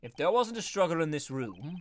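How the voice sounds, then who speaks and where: A man voicing a composed, logical male prosecutor for a fan voice-over of a game, speaking in a measured way. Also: on the high side, very animated, no echo. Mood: reasoning. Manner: measured, deliberate reasoning.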